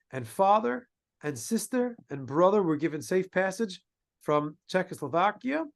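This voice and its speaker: A man, a rabbi, telling a story in a sermon, halting with many restarts and using Hebrew and Yiddish terms. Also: high voice. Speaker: rabbi giving a talk.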